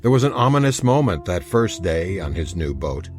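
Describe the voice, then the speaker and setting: A man narrating a historical audiobook in an expressive storytelling manner. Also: low voice, normal speed, faint music behind. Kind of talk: scripted narration.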